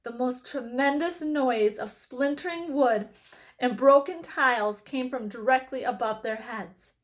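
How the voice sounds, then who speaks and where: A woman reading a children's novel aloud with expressive storytelling. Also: sits high, measured pace. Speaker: reader.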